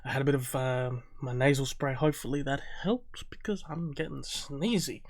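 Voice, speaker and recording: A man's voice: medium pitch, normal speed. A man giving casual, joking commentary as he reacts to a talk show clip. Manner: animated, joking, talks back to the clip. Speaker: reaction video host.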